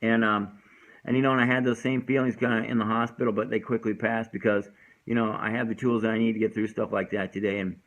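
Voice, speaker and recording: A man's voice: on the low side, flat delivery, fast talker, fairly bright tone, poor audio. A man in his forties hosting a recovery talk show, talking earnestly in a rambling way with many restarts. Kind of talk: casual personal talk and poetry reading.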